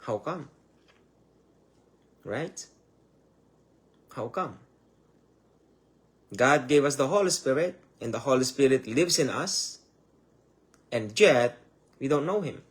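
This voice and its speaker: A man's voice: mid-range voice, expressive, takes it slowly, pauses often. Filipino guy preaching in english to an online crowd, keeps saying my dears, asks how come over and over. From Philippines. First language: Tagalog. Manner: calls listeners "my dears" over and over, repeats rhetorical questions; loose and conversational, starts phrases over. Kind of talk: live-streamed Bible teaching.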